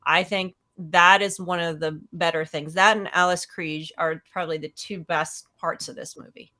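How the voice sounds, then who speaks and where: Halting woman on a video call. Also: on the low side, steady tone, sharp tone. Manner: halting, restarts often, laughs easily. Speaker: panel co-host. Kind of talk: casual film discussion.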